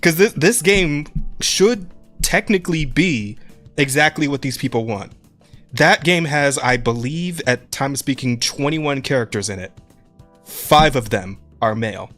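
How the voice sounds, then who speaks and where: A man's voice: mid-range voice, lively intonation, unhurried, a bit bright, soft background music. A man co-hosting a podcast in casual chat, laid-back, laughing often and swearing freely. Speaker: podcast co-host.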